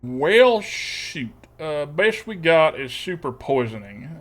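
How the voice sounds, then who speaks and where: A man's voice: a little high, big pitch swings, slow pace, hardly any pauses. A man streaming a card game, talking in a put-on folksy country twang and cracking self-deprecating jokes. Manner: joking, self-deprecating asides.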